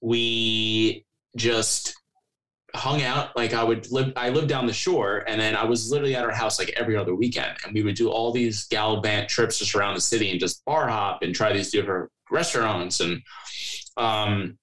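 A man's voice: lowish voice, moderate pace, fairly bright tone, low-quality recording. A man guest on a podcast, chatting casually and telling rambling stories full of fillers and acted-out dialogue. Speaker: podcast guest, company co-founder. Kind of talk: casual chat.

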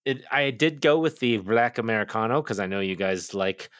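A man's voice: on the low side, lively intonation, normal speed, a bit bright, no echo, clean studio sound. A man co-hosting a podcast, easygoing and self-mocking as he introduces a segment. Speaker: podcast co-host. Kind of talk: casual podcast chat.

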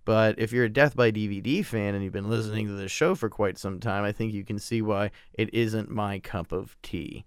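Male podcast host, lowish register, very clean resonant voice; loose, profane, self-deprecating delivery. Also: steady tone, normal speed, hardly any pauses, smooth, dry recording, studio quality. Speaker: podcast host reviewing films. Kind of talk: casual solo podcast talk.

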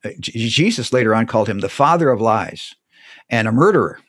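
Brief: man, expressive pitch, emphatic storyteller, dry close sound. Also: brisk, dry recording. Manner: lively, emphatic, with frequent restarts. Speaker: guest speaker on theology. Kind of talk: animated conversational storytelling.

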